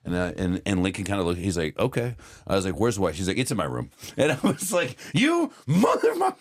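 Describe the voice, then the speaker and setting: Animated, swearing man storyteller. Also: low voice, fast, no room sound, studio quality. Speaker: podcast co-host. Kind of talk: casual chat.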